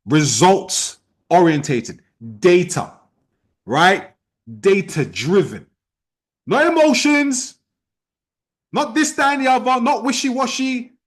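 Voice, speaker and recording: A man leading an online sales team training, talking in a forceful, repetitive, challenging way. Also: high voice. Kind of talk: motivational training talk.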